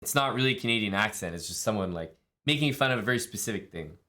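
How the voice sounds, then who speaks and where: Bright-voiced laid-back male streamer. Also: fairly low pitch, lively intonation, fast talker. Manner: laid-back, jokey, calls viewers bud and bro. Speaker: live streamer. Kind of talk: casual stream chat, reading viewer messages.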